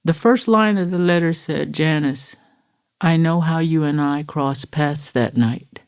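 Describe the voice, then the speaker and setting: A woman's voice: sits low, unhurried. A middle-aged woman from Florida, a podcast guest, giving an earnest, emotional personal recovery testimony and acting out the quotes she retells. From Florida, USA.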